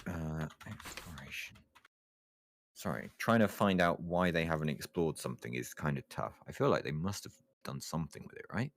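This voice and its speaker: A man's voice: extremely low pitch, lively intonation, moderate pace, slight background noise. A man chatting casually on a podcast, hesitant and laughing often. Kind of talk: casual chat.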